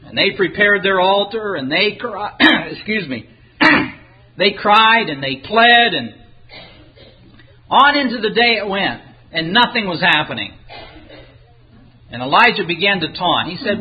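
His voice sits high and husky as he preaches at a measured pace with long pauses, the audio sounding dull. He animatedly acts out characters while retelling a scripture story and reading the King James verses aloud.

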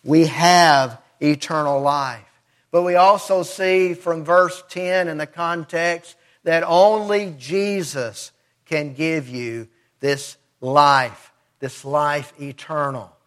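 A man preaching a sermon in an earnest, deliberate way, stressing key words as he explains a scripture passage. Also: on the high side, fairly even intonation, fairly bright tone. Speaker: pastor.

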